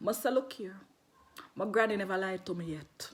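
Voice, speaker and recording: A woman's voice: medium pitch, fairly quick. A middle-aged woman, telling a personal story casually with patois and frequent laughter. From London.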